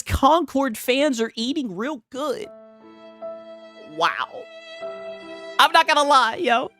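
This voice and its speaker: Animated, profane man ranting on stream. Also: fairly high pitch, no room sound, studio quality. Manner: profane and animated, constantly adds "right?". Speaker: gaming commentary streamer. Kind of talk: casual ranting live stream.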